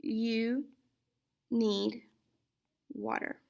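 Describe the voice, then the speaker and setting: Patient female teacher, unhurried lecture delivery, a bit of fry in the voice. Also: fairly high pitch, little pitch movement, a little mellow. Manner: slow and patient, checks in with "okay?". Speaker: Spanish teacher. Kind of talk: recorded classroom lecture.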